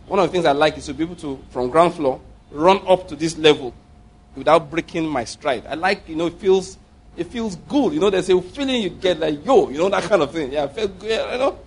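Male pastor, fairly high husky voice, rambling humorous sermon style. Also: animated, fairly quick. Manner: jokey, digressive, repeats himself.

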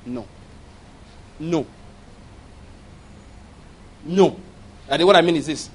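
Male pastor, animated sermon delivery with humorous asides, voice sits a bit high. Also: extremely slow, long pauses, slightly rough, poor audio. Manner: animated, laughing asides, acted-out quotes.

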